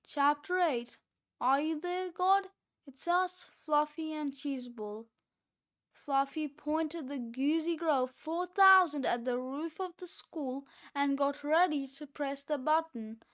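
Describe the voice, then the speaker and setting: A woman reading a children's book aloud, with expressive, deliberate narration. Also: high-pitched. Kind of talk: read-aloud storybook narration.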